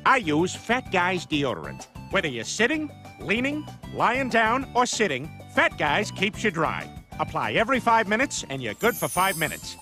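A man's voice: sits high, wildly swooping pitch, normal speed, sharp tone, soft background music, full character voice. An actor voicing a dim, boastful middle-aged cartoon family man who tells goofy, rambling jokes.

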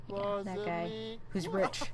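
A woman's voice: medium pitch, fairly even intonation, takes it slowly, a loud crowd. A young woman commenting on her game in a casual, joking way. She is sarcastic, swears freely and keeps slipping into silly put-on accents. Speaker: gameplay commentator. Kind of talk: casual let's-play commentary.

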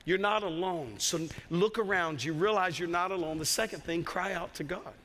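A man preaching to his congregation in a high, bright voice that carries. He repeats key phrases for emphasis. His voice rings with long reverb through a church hall. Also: normal speed. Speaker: pastor. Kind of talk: sermon. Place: church sanctuary.

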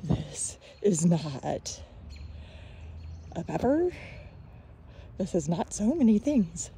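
A woman voicing her pet cockatoo's thoughts as a blasé, picky bird, lower than her own voice and in slow, flat, dismissive lists. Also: slight background noise, heavily acted. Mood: unimpressed.

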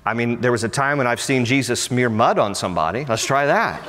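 A man's voice: mid-range voice, expressive, fairly quick, noisy background, natural voice. A man voicing a bumbling disciple who offhandedly suggests a silly idea. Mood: sheepish. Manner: hesitant, offhand. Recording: echoey church hall.

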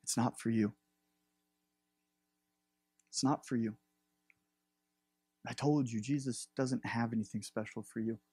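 A man voicing a low, discouraging inner voice of the liar, taunting the listener. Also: steady tone, unhurried, pauses often, darkish tone, husky, no room sound.

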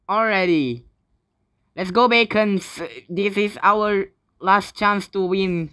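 A man giving live gaming commentary in non-native English, bursting into yells and swearing between calmer remarks. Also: high voice, slow, clear, resonant tone, no echo, studio quality. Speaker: gaming channel host.

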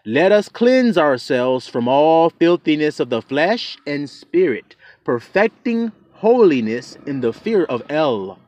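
A man preaching a sermon, reading scripture aloud and explaining it, emphatic and building to shouts. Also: on the high side, very animated, slow pace, hardly any pauses. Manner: emphatic, rising to shouts, calls and responses to himself.

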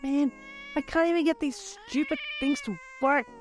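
A woman voicing a young woman turned into a cat, cheeky, greedy and excitable, in an audio fanfiction reading. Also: sits high, moderate pace, pitched above the performer's own voice. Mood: annoyed. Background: soft electronic backing music.

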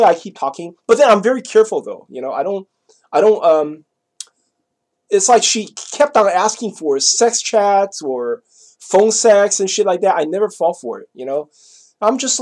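A man's voice: high-pitched, sing-song, normal speed. A man telling a personal story in a casual monologue, rambling and repeating himself, with many "you know" asides. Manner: swings between loud bursts and quiet asides.

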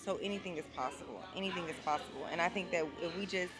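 A woman vlogging on a beach, talking casually to her viewers, loud and excitable, then tearful and grateful. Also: lowish voice, rapid-fire, over music. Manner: loud, excited, emotional, Southern US slang. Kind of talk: casual vlog talk to camera. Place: outdoors on a beach.

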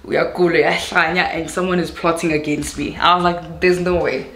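Animated young South African woman, echoey room. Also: on the low side, moderate pace. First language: Zulu. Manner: animated storytelling, mixing in Zulu phrases. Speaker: YouTuber. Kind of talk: storytime vlog.

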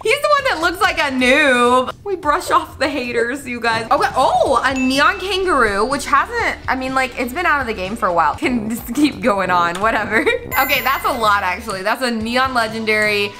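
A bubbly woman talks her viewers through game-play in a high voice that swoops up and down all the time, breaking into squeals and gasps. Music plays clearly behind her. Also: animated, moderate pace, hardly any pauses, bright, forceful tone. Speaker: gaming channel host. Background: background music.

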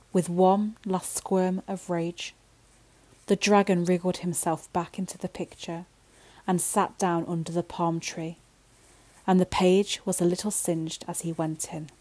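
Mellow, low-voiced woman reading a bedtime story. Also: poor audio.

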